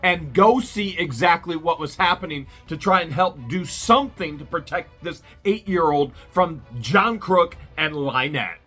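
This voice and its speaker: A man's voice: a little high, expressive, unhurried, hardly any pauses, bright, forceful tone, breathy edge, faint music behind. A man hosting his own citizen journalism vlog, indignant and full of rhetorical questions. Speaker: vlogger and citizen journalist host. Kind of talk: outraged commentary to camera.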